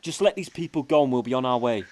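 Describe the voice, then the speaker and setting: A man voicing a calm, clever, dryly witty time traveller in an audio drama. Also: medium pitch, quick pace, natural voice. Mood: earnest. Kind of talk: fan audio drama acting.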